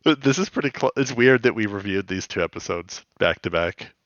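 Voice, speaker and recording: A man's voice: on the low side, lively intonation, a little fast, a bit bright, no echo. A man co-hosting a podcast in casual chat, rambling and giggly, with many restarts. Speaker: podcast co-host. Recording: dull lo-fi podcast audio.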